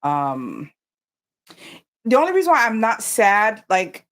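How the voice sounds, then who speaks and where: A woman's voice: medium pitch, takes it slowly. A woman co-hosting a casual livestream chat, telling stories animatedly and talking straight to her viewers. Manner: animated storyteller, addresses viewers directly. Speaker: yarn company co-host.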